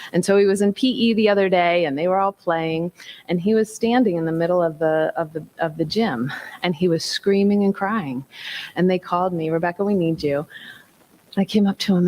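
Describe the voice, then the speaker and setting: A woman giving a spiritual talk, telling personal stories with emphatic whispers and acted-out dialogue. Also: lowish voice. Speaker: minister and special ed teacher.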